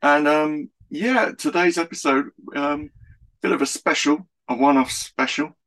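A man's voice: fairly high pitch, measured pace, a bit bright, low-quality recording. A man from London hosting a casual music podcast over a video call, rambling along with many ums. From London, England. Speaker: podcast host. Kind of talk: casual chat. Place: home in Surrey.

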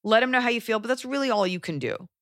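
Animated, rambling podcast woman. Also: fairly high pitch, fast talker, no echo, studio quality. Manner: rambling, animated, swears casually. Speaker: podcast co-host. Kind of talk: casual advice chat. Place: Los Angeles area.

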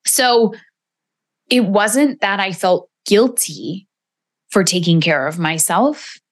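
A woman's voice: medium pitch, takes it slowly. A woman in her forties hosting a solo podcast, candid and emotional, swearing casually as she reflects. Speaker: podcast host.

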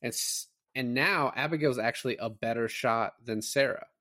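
A man's voice: medium pitch, normal speed, bright, forceful tone, dry recording, studio quality. A man co-hosting a podcast, chatting casually about a film, recapping scenes and laughing often. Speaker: podcast co-host. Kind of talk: casual movie discussion.

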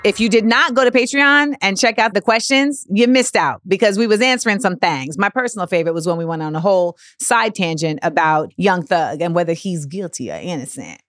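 Woman, podcast host, animated, laughs a lot, dry close sound. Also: lowish voice, brisk, few pauses, no echo. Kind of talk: casual chat.

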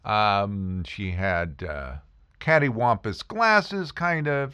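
A man's voice: lowish voice, slow, clean tone, no room sound. A man telling a funny personal story in casual talk, acting out the voices of the people in it. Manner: animated, acts out voices of people in his stories. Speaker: podcast host telling stories.

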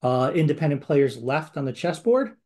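A man's voice: on the high side, very animated, normal speed, a little mellow. Rambling, filler-heavy male podcast host. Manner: conversational, rambling with many fillers and restarts. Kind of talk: casual chat.

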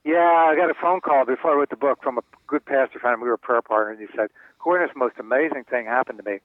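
A man's voice: mid-range voice, quick pace, no echo. Older man telling stories over a phone line. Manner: animated storyteller acting out quoted voices. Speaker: author and guest. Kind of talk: storytelling interview answers. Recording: tinny phone line, dry.

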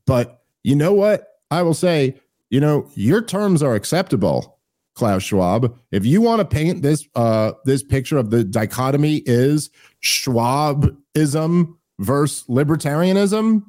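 A man's voice: fairly high pitch, very animated, a little slow, a little mellow. A man hosting a podcast, chatting about politics in a rambling, joking and profane way. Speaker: podcast host. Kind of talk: casual comedic political chat.

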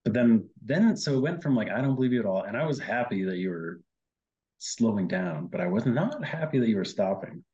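Low, mellow-voiced man telling a story. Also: sing-song, moderate pace, muffled recording. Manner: chatty, quotes himself often, many fillers. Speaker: guest, host's husband. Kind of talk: casual conversational storytelling.

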